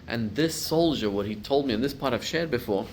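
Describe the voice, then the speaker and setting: A middle-aged man, a rabbi, giving a class to a live group, telling stories and building to loud emphatic peaks. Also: medium pitch, lively intonation, fairly quick, a little hiss or hum.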